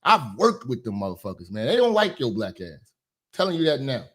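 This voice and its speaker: A man's voice: medium pitch, huge pitch swings, brisk, very noisy. A man hosting casual commentary who speaks bluntly and profanely in a conversational way. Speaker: commentary host.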